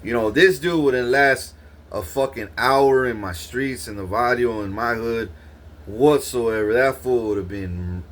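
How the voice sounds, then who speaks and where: A man's voice: mid-range voice, unhurried. A young man, talking casually and rambling through a story with profane street slang and many restarts. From Corpus Christi, Texas. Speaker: vlogger. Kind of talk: casual monologue recounting a dream.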